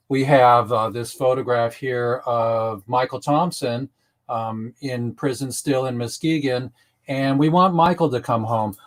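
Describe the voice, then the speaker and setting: A man hosting an online talk show, speaking casually with many pauses, ums and restarts. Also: medium pitch. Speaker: web show host.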